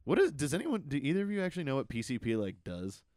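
Animated young male co-host, swears a lot, dry close mic. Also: medium pitch, fast talker, no room sound. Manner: animated, swears freely, acts out sketch voices. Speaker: podcast co-host. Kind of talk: casual chat.

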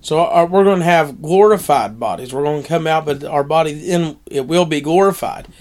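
A man, a guest on a faith show, explaining doctrine in a measured, halting way. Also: a little high, over loud music.

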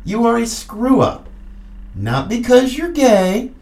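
A woman's voice: on the high side, very animated, takes it slowly, dark tone, far from the mic. A woman hosting a political commentary podcast, ranting in an angry, mocking, sarcastic way. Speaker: podcast host. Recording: echoey room.

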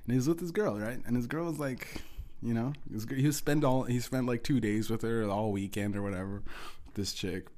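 A man's voice: medium pitch, a little fast, a little mellow. A man hosting a podcast, telling a story in a rambling, profane way, full of restarts. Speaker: podcast host. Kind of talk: casual storytelling.

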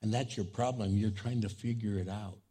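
Warm, husky-voiced male preacher. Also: fairly even intonation, moderate pace. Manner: impassioned preaching, swelling up high in pitch and volume; addresses the grieving congregation directly, repeats phrases. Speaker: pastor. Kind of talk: sermon at a remembrance service.

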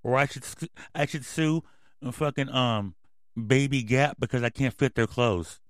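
A male podcast host in full rant, yelling and cursing through every line. His voice sits at an ordinary middle pitch. It is recorded close and dry, with no room sound. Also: normal speed, no echo. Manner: angry, yelling, swearing constantly. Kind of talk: profane ranting commentary.

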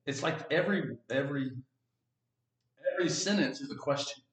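A man's voice: fairly high pitch, normal speed. A man from Texas chatting casually as a podcast co-host, rambling with restarts and fillers. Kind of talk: casual chat. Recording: roomy echo, a bit far from mic.

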